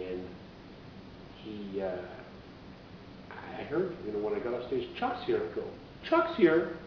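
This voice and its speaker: A man, a radio DJ and musician, telling stories in a rambling, casual way as an interview guest. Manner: rambling, acts out voices in quotes. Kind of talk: casual conversational storytelling. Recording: echoey, dull, distant with low rumble.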